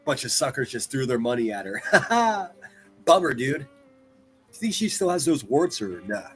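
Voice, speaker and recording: Animated, profane man mocking a clip on a livestream. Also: medium pitch, measured pace, slightly rough, soft background music. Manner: profane, mocking, swings between loud outbursts and muttering. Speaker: livestream commentator. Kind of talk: reacting to clips on a livestream.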